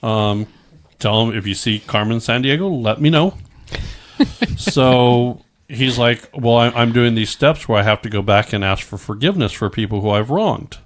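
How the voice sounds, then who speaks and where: A man's voice: mid-range voice, moderate pace. A middle-aged man telling his own story in casual chat, rambling with many stammered restarts and frequent swearing.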